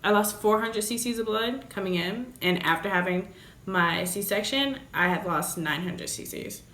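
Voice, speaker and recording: A woman's voice: medium pitch, measured pace, bright, forceful tone. A young woman vlogger telling a candid story in a blunt, joking, profane way. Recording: roomy echoey room.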